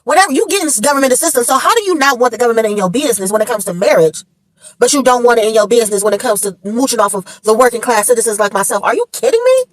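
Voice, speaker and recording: A woman's voice: a little high, racing, no echo, poor audio. A woman giving blunt, profane, exasperated commentary in a ranting vlog. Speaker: commentary vlogger.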